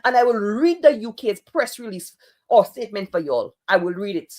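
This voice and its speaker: A woman's voice: medium pitch, expressive, moderate pace, darkish tone. A Saint Lucian woman giving online political commentary in an exasperated, sarcastic, scolding way.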